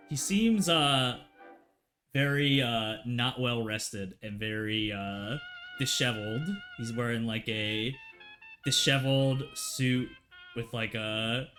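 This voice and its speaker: A man narrating as game master of a tabletop horror game, his voice at a middling pitch. He talks hesitantly, filling gaps with uh and like, while faint music plays underneath. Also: a bit bright. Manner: hesitant, many uhs, voices characters.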